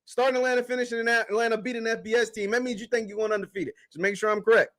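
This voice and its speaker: A man hosting a call-in sports show, his voice pitched high and his words coming quickly. He keeps the conversation moving with brief, affirming interjections. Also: fairly even intonation, fairly bright tone. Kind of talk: casual call-in chat.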